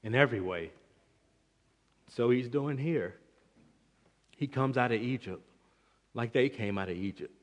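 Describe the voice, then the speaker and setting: A man preaching an expository sermon, emphatic, with swings between loud and quiet passages. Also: mid-range voice, measured pace, long pauses. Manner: emphatic, rising and falling in volume, restarts words. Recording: long reverb of a large hall.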